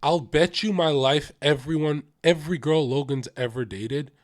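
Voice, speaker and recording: A young man streaming live, reacting to a podcast with loud jokes, crude swearing and sudden mimicking bursts. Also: moderate pace, no echo, studio quality. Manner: animated, jokey, swears freely and mimics people in sudden high bursts. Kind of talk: livestream reaction commentary.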